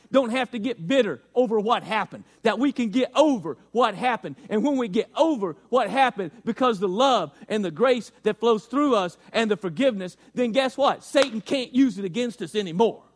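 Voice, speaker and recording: High-voiced man preaching a folksy sermon. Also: expressive, moderate pace, hardly any pauses. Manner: folksy, repeats phrases for emphasis, talks directly to the congregation. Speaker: pastor.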